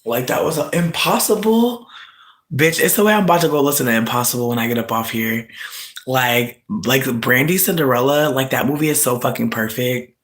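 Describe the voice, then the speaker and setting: A man's voice: mid-range voice, fairly quick, a bit bright. A young man hosting a casual livestream while he is sick. He talks in a sassy, slangy, joking way, teasing his viewers. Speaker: livestream host.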